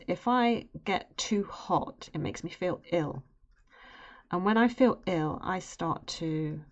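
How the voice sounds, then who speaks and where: Streamer: young woman, lowish voice, chatty, animated storyteller who laughs easily. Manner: animated, laughs while telling. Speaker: art streamer. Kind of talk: casual storytelling on a live stream.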